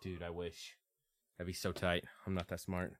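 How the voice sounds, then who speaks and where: A man's voice: sits low, completely flat delivery, moderate pace. A young man, a podcast co-host, telling stories in casual chat while laughing and swearing a lot.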